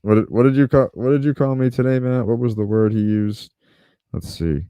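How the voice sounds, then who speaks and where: A podcast host with a medium-pitched voice tells a story at a moderate pace, relaxed, swearing freely and acting out what others said. The audio is lo-fi, with no room sound.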